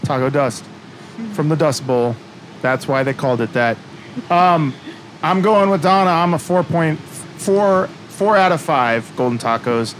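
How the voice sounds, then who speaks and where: A man's voice: fairly high pitch, animated, a little slow, a little hiss or hum, rough recording. A man hosting a podcast, upbeat and joking, riding a streetcar. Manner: jokey, upbeat. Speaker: podcast host. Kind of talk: casual chat.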